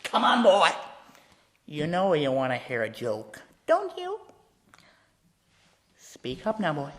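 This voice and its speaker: A man's voice: fairly high pitch, wildly swooping pitch, takes it slowly, a bit bright, voice pushed up, full character voice. A man voicing a cackling, wheedling male clown villain in a sing-song, menacing way. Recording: roomy echo.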